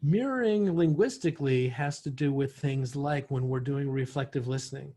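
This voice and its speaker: A man's voice: mid-range voice, normal speed, warm tone. A man teaching communication skills in an online workshop, explaining with worked examples over a video call. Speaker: workshop instructor.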